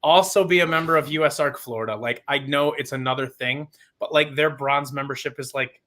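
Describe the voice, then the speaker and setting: A man's voice: mid-range voice, fairly quick, a bit bright. A man on a podcast as a guest, talking in an impassioned, rambling and sarcastic way. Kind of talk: casual podcast chat.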